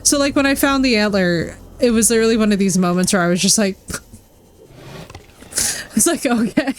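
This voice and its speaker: In a mid-range voice at normal speed, this woman casually chats while streaming a game, swearing freely and saying "like" all the time. There's slight background noise along with faint game music.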